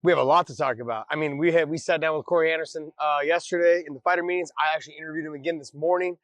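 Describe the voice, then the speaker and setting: High-voiced rambling male co-host. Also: fairly even intonation, rapid-fire, a bit bright, no room sound. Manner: rambling, restarts phrases, laughs easily. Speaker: podcast co-host. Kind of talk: casual chat.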